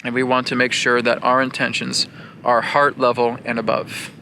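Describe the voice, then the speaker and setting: A man's voice: mid-range voice, monotone, moderate pace, gravelly, bright, forceful tone, a little hiss or hum. A man giving an earnest spiritual lesson, repeating his points and often checking in with his listeners. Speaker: spiritual teacher. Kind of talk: spiritual teaching talk.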